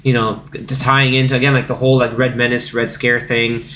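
This podcast host, a man in his thirties, speaks briskly in a mid-range voice that is flat yet bright and forceful, with a little hiss or hum on the recording. Chatty and loose, he fills his talk with fillers and performs quotes from the film in put-on voices.

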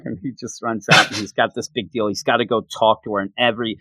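A man's voice: on the low side, a little fast, few pauses, no room sound. Man recapping a story. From North America. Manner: animated storyteller, acts out characters' lines. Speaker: podcast co-host. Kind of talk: casual chat recapping a comic.

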